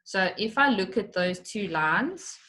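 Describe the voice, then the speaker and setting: A woman's voice: medium pitch, expressive, takes it slowly, pushed and bright. A woman teacher giving an online lesson for children, explaining step by step and stretching out words to show their syllables.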